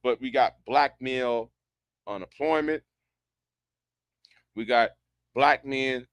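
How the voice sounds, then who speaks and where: A man's voice: medium pitch, slow, clean tone, no echo. A man delivering a sarcastic, incredulous rant as an online commentator, often repeating himself. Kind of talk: ranting commentary.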